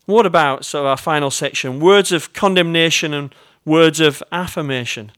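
A man's voice: fairly high pitch, normal speed, fairly bright tone, clear, resonant tone, no echo, studio quality. A man with an English accent preaching a sermon as pastor. He tells stories with self-mocking humour and talks directly to his congregation.

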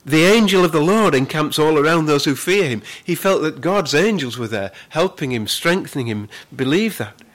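A man preaching a sermon as pastor, earnest, with frequent repeated words, who slows down to stress the scripture he reads. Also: on the high side, expressive, fairly bright tone.

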